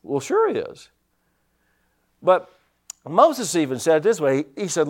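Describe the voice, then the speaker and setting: A man preaching a sermon as pastor, folksy, telling stories and swinging his loudness up and down, from the United States. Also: fairly high pitch, huge pitch swings, measured pace, long pauses. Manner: folksy storytelling preacher, rising and dropping loudness.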